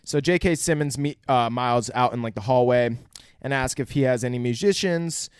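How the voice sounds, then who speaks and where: A man's voice: mid-range voice, normal speed, clean tone, no echo, clean studio sound. A man co-hosting a podcast, chatting casually and crudely about a movie, laughing and acting out lines. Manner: profane, laughing, acts out quotes. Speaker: podcast co-host. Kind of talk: casual movie review chat.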